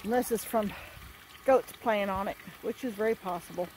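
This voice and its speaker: A woman homesteader talking casually outdoors at her barn, chatting about the water setup and cooing to her animals in a higher sing-song voice. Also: moderate pace, a little mellow, a little hiss or hum. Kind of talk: casual farm vlog chat. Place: outdoors at a barn and livestock run.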